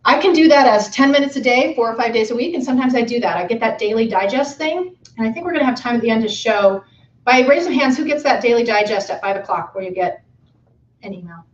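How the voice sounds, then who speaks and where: A woman's voice: fairly high pitch, expressive, fast, recorded from a distance. A woman giving an informal, chatty conference talk to instructors, with frequent fillers. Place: conference session room. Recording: dull echoey room from afar.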